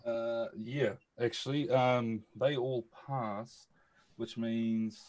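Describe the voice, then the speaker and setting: A man playing a tabletop game in a casual, hesitant way, trailing off quietly. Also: medium pitch, steady tone, extremely slow, slight background noise. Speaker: player.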